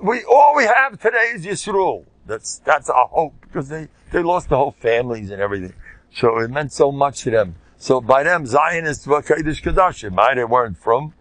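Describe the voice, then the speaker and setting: An older rabbi with an American Orthodox Jewish English accent tells stories in an informal Torah class. His voice sits at an ordinary pitch, and he sometimes breaks into loud shouted quotes. The recording is dry and close, with almost no room sound. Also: expressive, normal speed, dry recording. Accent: American Orthodox Jewish English with Yiddish words. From United States.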